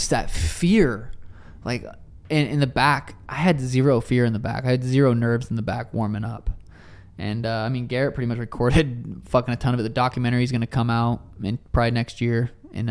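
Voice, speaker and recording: A man's voice: mid-range voice, steady tone, fairly quick, darkish tone. A young adult man in a casual interview, speaking loosely and profanely, often restarting his sentences. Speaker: interviewee, professional fighter.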